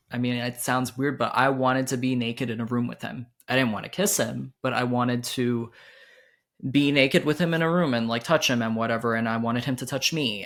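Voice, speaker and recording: A man hosting a podcast, telling a personal story in a candid, halting way with many restarts, his voice jumping higher when he quotes his own panic. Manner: quoted lines rise much higher and louder when he relives panic. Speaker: podcast host.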